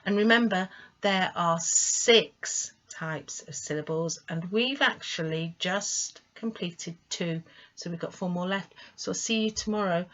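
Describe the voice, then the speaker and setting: Slow, careful woman English tutor. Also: lowish voice, a bit bright. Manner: slow, clear, encouraging teacher delivery with careful emphasis on sounds. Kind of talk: online teaching lesson. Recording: slightly dull lo-fi audio.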